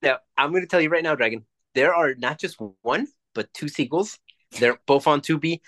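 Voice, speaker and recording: A man's voice: fairly high pitch, fairly bright tone. Man ranting with casual swearing. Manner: swears freely, rants in quick bursts. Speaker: podcast co-host. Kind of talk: casual chat.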